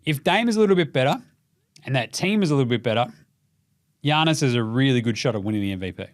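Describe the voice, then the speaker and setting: A young Australian man hosting a casual basketball show, talking fast and loose with lots of swearing and mocking impressions. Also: mid-range voice, dry recording, clean studio sound. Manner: profane, animated, mocking impressions. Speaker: podcast host. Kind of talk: casual sports commentary.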